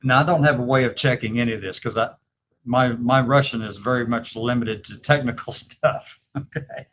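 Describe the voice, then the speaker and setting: A man hosting a casual video, laughing often and slowly dictating his words as he types. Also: medium pitch, highs cut off, noisy background. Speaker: video host. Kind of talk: casual chat while typing.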